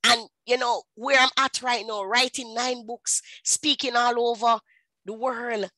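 A woman in her thirties with a Jamaican accent, telling her personal testimony in an animated storytelling way and slipping into patois. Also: fairly high pitch, a little slow, dry recording, low-quality recording. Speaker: speaker at a women's ministry.

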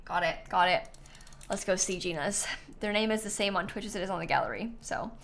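A woman's voice: on the low side, brisk, creaky, a bit bright, a little hiss or hum. A young adult woman giving casual, enthusiastic live-stream commentary as she tours viewers' builds, chatty, often trailing off and repeating herself.

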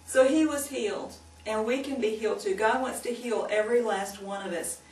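A woman giving a Christian teaching, earnestly telling a story and gently urging her listeners. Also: fairly high pitch, normal speed. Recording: echoey room, mic at a distance, faint noise.

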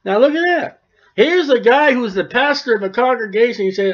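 An animated, brisk male pastor explains scripture in a folksy, wry expository sermon. His voice is extremely high and fairly bright. The recording sounds dull and lo-fi.

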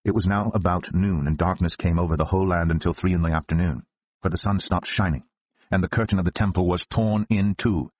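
A man narrates scripture in a steady, measured reading. His voice is very low and husky, recorded close and dry. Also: dry recording. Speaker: Bible reader.

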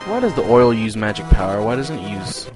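Excitable, swearing let's play host. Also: male voice, lowish voice, a little fast. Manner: excitable, profane, joking asides. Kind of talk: gameplay commentary. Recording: game music playing behind.

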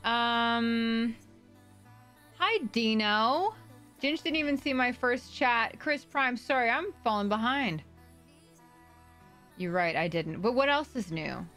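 A woman's voice: on the high side, lively intonation, slow, long pauses, fairly bright tone, soft background music. A woman livestream host chatting casually with viewers, bubbly and rambling as she reads chat aloud.

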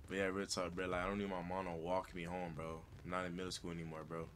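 A man's voice: low voice, monotone, quick pace, hardly any pauses, fairly bright tone, slight background noise. A man giving casual, slangy gameplay commentary and constantly saying "bro.". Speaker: gaming channel host.

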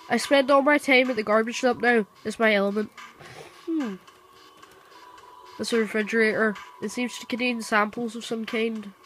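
A woman giving casual let's-play commentary, reading the on-screen text aloud and reacting quickly. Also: a little high, steady tone, fairly bright tone, slight background noise, low-quality recording. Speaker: gamer. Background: game music.

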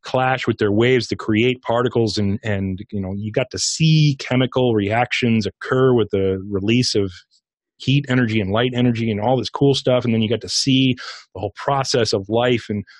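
A middle-aged man, a podcast guest and author, telling a personal experience in a casual, animated way, acting out his own inner dialogue. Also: mid-range voice, moderate pace, no room sound. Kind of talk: interview storytelling.

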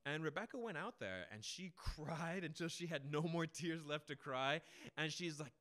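A young man preaching a sermon, telling stories emphatically and dramatically, with big swings in loudness. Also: fairly high pitch, lively intonation, moderate pace.

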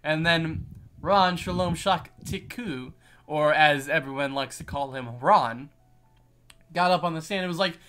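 Bright-voiced, rambling male game master. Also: on the high side, measured pace. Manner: rambling, filler-heavy, laughing often. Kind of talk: narrating an online tabletop game.

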